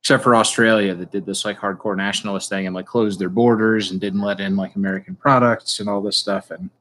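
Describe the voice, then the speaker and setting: Man, lowish voice, podcast co-host, casual chat, wry dry jokes. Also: fairly even intonation, fast talker, a bit bright.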